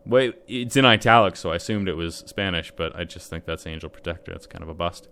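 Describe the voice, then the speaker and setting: A man's voice: low-pitched, fast, creaky, few pauses, bright, forceful tone, smooth. A man hosting a let's play, giving rambling, self-deprecating commentary over the game. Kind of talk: casual gameplay commentary.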